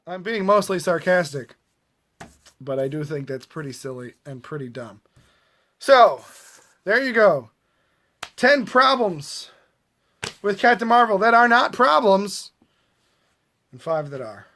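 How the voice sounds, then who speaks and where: High-voiced man ranting about a movie. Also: very animated, a little slow, long pauses, bright, forceful tone. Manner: chatty, mildly sarcastic, often restarts mid-sentence. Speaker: movie vlogger. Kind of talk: casual movie commentary. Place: at a table at home.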